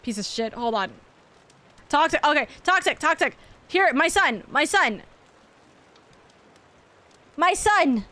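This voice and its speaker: A woman's voice: high-pitched, lively intonation, a little slow, fairly bright tone. A young woman streaming to her viewers, chatting casually and gushing, often repeating herself. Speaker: VTuber streamer. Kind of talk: casual chat to livestream viewers.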